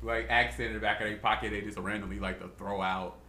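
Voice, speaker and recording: A man co-hosting a podcast in casual chat, animated and slangy, leaning on "like" constantly. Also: lowish voice, fast, a little hiss or hum. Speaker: podcast co-host. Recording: roomy echo.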